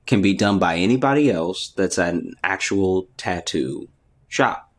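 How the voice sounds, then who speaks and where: A man with a very low voice co-hosts a relaxed comedy podcast. He talks in an easygoing, drawn-out way and backs his co-host with steady affirmations. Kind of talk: casual comedic podcast chat.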